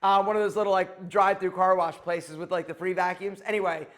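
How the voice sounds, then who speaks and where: Man, high voice, middle-aged, casual storytelling, chatty advice to camera. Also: little pitch movement, brisk, a bit bright. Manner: chatty, advice-giving, acts out quoted exchanges. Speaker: YouTube host.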